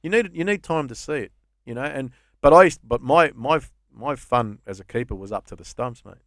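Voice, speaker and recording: A man's voice: mid-range voice, expressive, brisk, a bit bright, no room sound, clean studio sound. An Australian man in his fifties, a comedian and podcast guest, telling rambling stories with plenty of swearing in a casual chat. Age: 50s.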